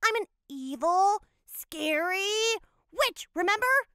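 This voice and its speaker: A woman's voice: very high voice, expressive, slow pace, pushed and bright, no room sound, studio quality, exaggerated voice. A woman voicing a flustered, bossy cartoon witch who talks in a huffy, mock-menacing way.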